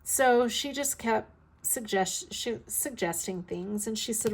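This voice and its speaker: A woman's voice: a little high, slow. A woman in her fifties chatting casually in a rambling way, tired and yawning, her throat a little scratchy. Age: 50s. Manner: rambling, chatty, with frequent ums and yawns. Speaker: vlog host. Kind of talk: casual chat while crafting.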